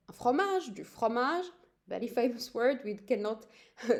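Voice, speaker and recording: Woman teaching vocabulary slowly. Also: on the high side, darkish tone. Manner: repeats each word slowly to drill pronunciation. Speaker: French teacher. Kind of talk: language lesson.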